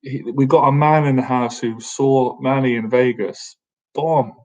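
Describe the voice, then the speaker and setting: A man's voice: mid-range voice, fairly even intonation, unhurried, a little mellow. A man in his thirties hosting a casual live-stream Q&A, chatty and jokey, often tacking "man" onto his sentences. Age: 30s. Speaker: boxing coach and livestream host. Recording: dull lo-fi stream audio.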